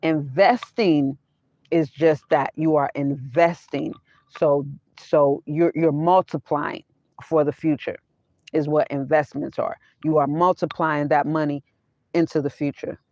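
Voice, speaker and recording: A woman's voice: deep voice, fairly even intonation, unhurried, darkish tone, dry recording. A woman hosting a casual livestream from her van, talking straight to her viewers, repeating her phrases and laughing often. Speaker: vanlife vlogger hosting a livestream. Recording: dull lo-fi sound.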